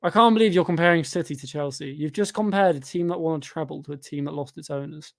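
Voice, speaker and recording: A man's voice: on the high side, quick pace, vocal fry. A young man hosting a live football watchalong, sarcastic and exasperated, doing mock commentary. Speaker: fan channel host.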